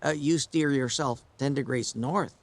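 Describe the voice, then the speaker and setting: A man's voice: medium pitch, a little slow, pitched below the performer's own voice, natural voice. Man doing an unfazed lighthouse seaman. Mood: calm. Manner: calm, hesitant, matter-of-fact. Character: calm unbothered male lighthouse keeper.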